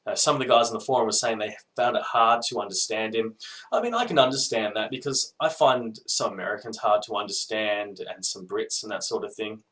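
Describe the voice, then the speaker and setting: A man's voice: on the low side, a little fast, pushed and bright, rough recording. A man with an Australian accent talking casually to camera in a video response, hesitant and laid-back, with many ums and restarts. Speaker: podcast listener giving a video response. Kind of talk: casual rambling monologue.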